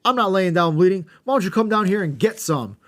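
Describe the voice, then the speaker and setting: A man voicing a heated male pro wrestler who shouts a challenge into the mic. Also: sits high, animated, a little fast, voice pushed up. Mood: angry shouting.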